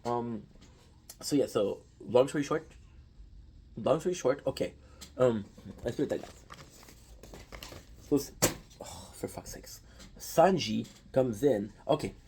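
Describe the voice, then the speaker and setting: Over a low-quality recording, a man with a mellow, husky, mid-range voice casually retells an anime story as a commentator. He restarts often and swears offhandedly.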